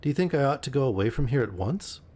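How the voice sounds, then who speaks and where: A man's voice: medium pitch, lively intonation, quick pace, a little mellow, pitched above the performer's own voice, close to an everyday voice. A man reading aloud and voicing a lonely, wistful young woman who turns teasing.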